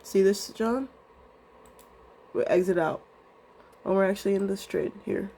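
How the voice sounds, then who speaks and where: A woman's voice: medium pitch, unhurried, gravelly, mellow. A young woman vlogging about her trading day, emotional and rambling, swearing casually as she talks. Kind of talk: candid emotional vlog monologue.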